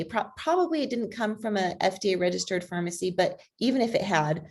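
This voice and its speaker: A woman speaking as a guest on a video call, persuasive and energetic, with frequent fillers. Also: medium pitch, a little fast, hardly any pauses. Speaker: guest speaker, advocacy group president. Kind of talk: conversational online talk.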